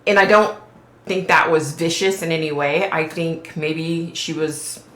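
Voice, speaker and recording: A woman's voice: low voice, steady tone, measured pace, a bit bright. A woman vlogger recounting a psychic vision in a casual, rambling way, often saying "like" and checking in with "okay?". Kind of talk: casual storytelling to camera. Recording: roomy echo.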